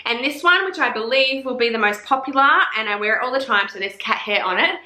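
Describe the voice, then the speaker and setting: Bright-voiced Australian woman in an echoey room. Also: a little high, quick pace. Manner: chatty, swears freely, playful and blunt. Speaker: book vlogger. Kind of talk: casual chat.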